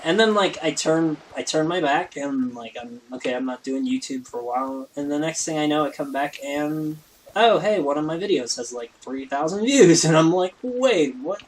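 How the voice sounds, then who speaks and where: A man's voice: on the high side, moderate pace, slight background noise, low-quality recording. A man hosting a let's play, rambling in casual gameplay commentary and poking fun at himself. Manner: rambling, self-deprecating, lots of fillers.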